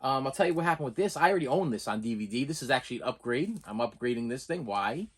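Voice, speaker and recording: Rambling, excitable middle-aged man. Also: medium pitch, quick pace, breathy edge. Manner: rambling and excitable, with many repeated words and restarts. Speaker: movie unboxing channel host. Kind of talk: casual unboxing chat.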